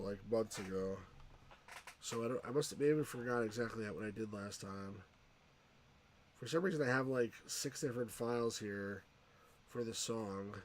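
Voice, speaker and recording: A man's voice: mid-range voice, a little mellow, slight background noise. A man casually commenting on a retro computer game as he plays, rambling and often restarting his sentences. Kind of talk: casual let's-play commentary.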